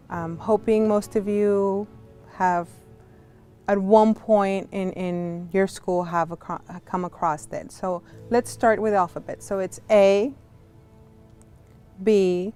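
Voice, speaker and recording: Slow-spoken woman teaching on a video call. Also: medium pitch, darkish tone. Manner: slow and clear, spells out letters one by one; friendly, explains with examples and asides. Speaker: sign language interpreter teaching a session. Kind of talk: casual instructional talk.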